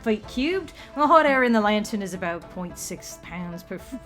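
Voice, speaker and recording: A woman's voice: medium pitch, expressive, normal speed, fairly bright tone, faint music behind, close to an everyday voice. A woman voicing a precise, clever male police sergeant in a put-on British accent that slips toward Australian, speaking through nearly closed teeth. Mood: calculating. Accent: put-on British, slipping into Australian. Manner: talks through near-closed teeth, tired.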